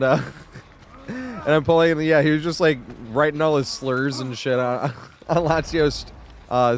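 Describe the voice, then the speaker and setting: A man casually chatting on his live gaming stream, rambling and laughing a lot, relaxed and stoned, with frequent casual swearing. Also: medium pitch, slight background noise.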